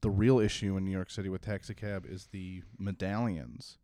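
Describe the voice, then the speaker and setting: A man's voice: low voice, steady tone, normal speed, mellow, no room sound. A man in a casual podcast chat who chimes in with short reactions and facts.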